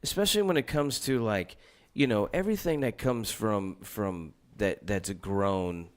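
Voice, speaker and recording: A man hosting a podcast in relaxed conversation with friends. He stumbles over repeated words, swears freely and gets animated when he gets going. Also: on the low side, unhurried. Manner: stammering, profane, animated. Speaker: podcast host. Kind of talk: casual chat.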